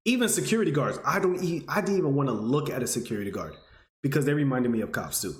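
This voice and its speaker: A man's voice: lively intonation, fast talker. Earnest young man telling a story, echoey. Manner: earnest, emotional, rising pitch when stirred. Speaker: vlogger. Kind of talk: personal storytelling to camera.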